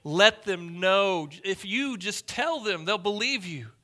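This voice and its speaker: A tormented rich man pleads for mercy, as a preacher plays him, his voice pushed high and straining. The tone is very bright and piercing. The begging is loud and desperate. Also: lively intonation, takes it slowly, exaggerated voice. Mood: pleading.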